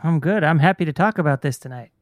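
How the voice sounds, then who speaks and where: Male co-host, light pitch, even matter-of-fact delivery. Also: fast, no echo. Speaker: podcast co-host. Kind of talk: casual podcast chat.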